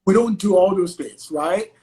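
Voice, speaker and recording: A male guest attorney from Nigeria chats casually in an interview, his high voice moving at a moderate pace on a low-quality recording. He leans heavily on "like" as filler and acts out quoted exchanges in lively voices.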